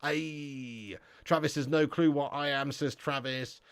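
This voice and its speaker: A young English man hosts a football live stream, reading out chat and trading cheeky, swear-laced banter with viewers. His voice sits a touch high and sounds dry and close to the mic. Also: fairly even intonation, slow, no echo. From England. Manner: banter-heavy, swears freely, laughs often, slangy.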